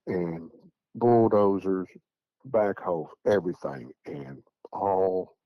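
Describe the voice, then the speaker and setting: A man's voice: deep voice, slightly rough, no room sound, dull audio. A man telling a story in casual, rambling fashion, often repeating words as he goes. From Tennessee. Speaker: eyewitness guest.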